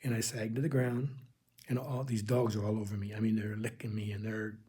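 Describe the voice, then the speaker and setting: Man, husky, dark mellow tone, earnest halting spiritual testimony. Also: fairly low pitch, level tone. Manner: earnest, halting, addresses listeners as "people". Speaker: religious video host.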